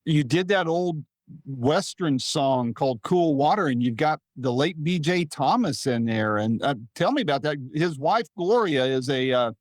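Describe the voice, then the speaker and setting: A man hosting a casual interview, asking his questions in halting restarts. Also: a little high, animated, no room sound. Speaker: interview host.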